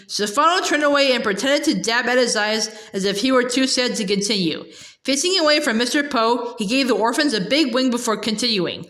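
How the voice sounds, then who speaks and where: A woman narrating a children's novel aloud with steady, expressive reading. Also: on the high side, a little fast, echoey room.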